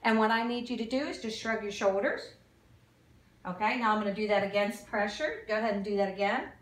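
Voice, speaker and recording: A nursing student, a woman with a mid-range, brisk voice, performs a clinical exam and explains each step to the patient, now and then stumbling over medical terms. The room is echoey and the mic sits far away.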